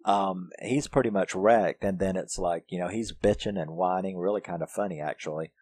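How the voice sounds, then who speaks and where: A man's voice: low voice, normal speed, darkish tone. A man giving a casual, profane review of a horror film, laughing often and acting out lines from it. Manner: profane, laughs often, quotes characters in put-on voices.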